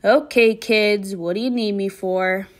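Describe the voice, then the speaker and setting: A woman voicing a cocky, tough teenage boy from a novel, with a loud, offhand delivery. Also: medium pitch, fairly even intonation, unhurried, natural voice.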